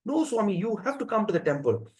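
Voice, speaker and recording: A man's voice: high voice, sing-song, fast, darkish tone, slightly rough, voice pushed up, exaggerated voice. A man voicing remorseful temple priests who beg and insist earnestly. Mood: begging.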